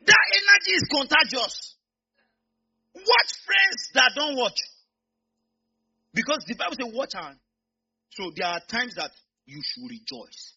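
Animated Nigerian preacher, high husky voice. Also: male voice, a little slow, long pauses, lo-fi sound. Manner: animated, swings from quiet asides to shouting. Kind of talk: sermon.

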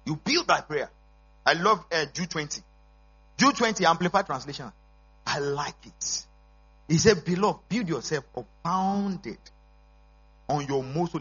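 A male pastor preaches in a church service, pushing his points with call-and-response and sudden shouts. His voice is high, bright and husky, swinging widely in pitch. The recording is dull and lo-fi, with a steady mains hum underneath. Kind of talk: sermon.

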